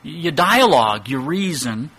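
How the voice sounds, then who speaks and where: Man, Bible teacher, slightly high voice, rhetorical questions, restarts, thinking aloud. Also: very animated, unhurried, bright, forceful tone, husky.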